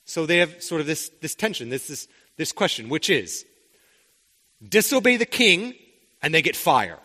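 Animated preacher in a reverberant hall. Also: male voice, a little high, normal speed. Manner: conversational, rhetorical questions, frequent restarts. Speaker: pastor. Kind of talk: sermon.

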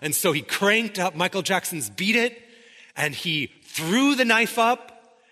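A man's voice: sits high, lively intonation, a little slow, bright, forceful tone, big-room sound. A male pastor preaching a sermon, emphatic, often checking in with "right?". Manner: emphatic, keeps asking "right?".

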